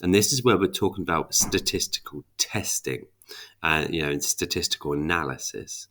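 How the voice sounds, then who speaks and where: A man's voice: sits low, moderate pace, bright, forceful tone. A young man with a sniffly cold, teaching psychology statistics over slides in a chatty way with emphatic rhetorical questions.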